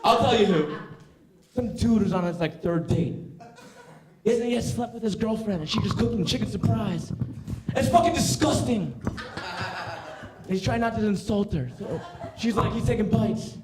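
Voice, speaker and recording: A young man in his twenties doing a rambling stand-up set on a club stage, halting with fillers and restarts, the crowd laughing behind him. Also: high voice, lively intonation. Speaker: stand-up comedian. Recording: roomy club with crowd noise.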